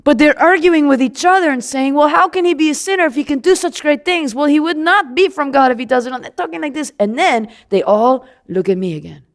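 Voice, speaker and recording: A woman performing a first-person Bible monologue as a man born blind, telling his story in an animated, conversational way with asides to the listener. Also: high voice, a little fast, few pauses. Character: man born blind, newly sighted, earnest and indignant.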